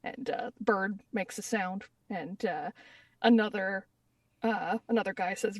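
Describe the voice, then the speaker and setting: A woman guest on a podcast, recapping a manga chapter casually and haltingly, with many fillers. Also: medium pitch, no room sound, recorded from a distance.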